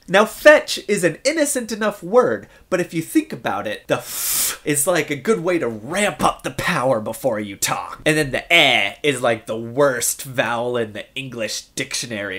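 Lively playful woman vlogging. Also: low-pitched. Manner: playful, animated, musing aloud. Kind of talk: casual vlog monologue.

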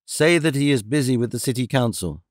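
A man's voice: mid-range voice, lively intonation, fairly quick, no room sound, clean studio sound, lightly acted. A man reading an audiobook voices a timid young serving maid who speaks hesitantly. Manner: hesitant, stammering.

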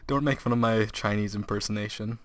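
Teen boy, game commentary, rambling, quick laughs, everyday voice. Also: on the low side, steady tone, a bit bright. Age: teens. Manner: rambling storyteller, laughs often. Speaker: gameplay commentator. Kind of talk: casual gameplay commentary.

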